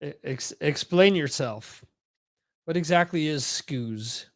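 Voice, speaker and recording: A man's voice: a little high, slow. A man hosting a live-stream podcast, chatting casually, rambling and repeating words while reading out viewer comments. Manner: rambling, repeats words, reads chat aloud. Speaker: podcast host.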